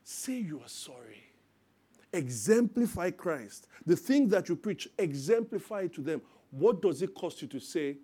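A man in his thirties preaching a sermon as pastor, lively and acting out parents and children in quoted voices. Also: fairly high pitch, unhurried, slightly rough.

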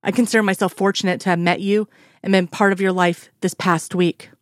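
A woman's voice: medium pitch, steady tone, a little fast, no room sound, studio quality, natural voice. A woman reading the lines of a frank, strong-willed woman in a story, earnest and lifting in emphatic lines. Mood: tender. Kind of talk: fan fiction read aloud.

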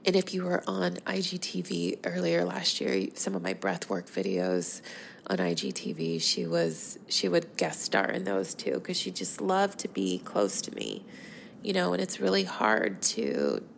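A woman podcast host closing her show with a heartfelt sign-off, speaking gently and earnestly, often in a soft breathy half-whisper. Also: lowish voice, a little hiss or hum.

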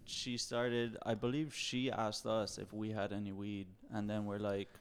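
Relaxed guest guy, says "i mean" a lot, just telling a story. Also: on the low side, measured pace, slight background noise. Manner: easygoing storyteller, hedges with "I mean". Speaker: podcast guest. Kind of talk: casual chat.

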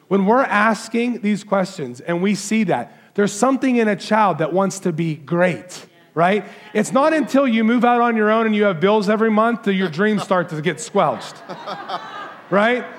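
High-voiced pastor preaching to a congregation. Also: male voice, expressive, normal speed. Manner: warm, conversational preaching, walks into the crowd asking kids questions. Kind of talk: Christmas sermon, talking with children.

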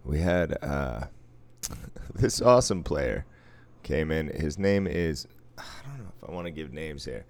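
A man from Boston with an extremely deep, low voice, chatting casually as a podcast co-host. He tells stories with a teasing, wisecracking manner. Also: animated, a little slow. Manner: teasing storyteller. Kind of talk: casual chat.

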